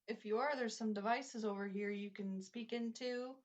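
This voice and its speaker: A woman's voice: a little high, fairly even intonation, normal speed. A woman from the house's family casually telling stories in a chatty, rambling way, indoors in an old house. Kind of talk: casual storytelling chat. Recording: slightly muffled lo-fi.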